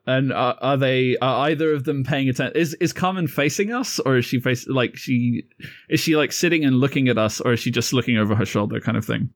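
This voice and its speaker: A man's voice: medium pitch, a little fast, no room sound, clean studio sound. A man playing a tabletop game, rambling and correcting himself mid-question. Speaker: player. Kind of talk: casual tabletop play.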